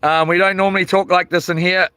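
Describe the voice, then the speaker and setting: A man's voice: sits high, little pitch movement, quick pace, sharp tone, smooth, no room sound. Man, casual live-stream host, rambling, hesitant, dry close sound. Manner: rambling, hesitant, lots of ums. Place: outdoors by the sea at night.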